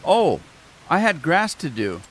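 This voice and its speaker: A man's voice: a little high, sing-song, unhurried, a bit bright, slight background noise. A man hosting a gameplay stream, chatting casually and talking to himself as he plays. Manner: rambling, chatty, talks to himself and chat. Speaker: gaming channel host. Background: rain sounds from the game.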